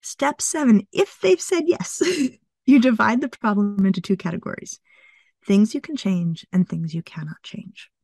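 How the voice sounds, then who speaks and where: Gravelly-voiced woman explaining steps calmly. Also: mid-range voice, unhurried, no echo, studio quality. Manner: calm step-by-step explaining. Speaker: psychologist guest. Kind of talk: explanatory interview talk.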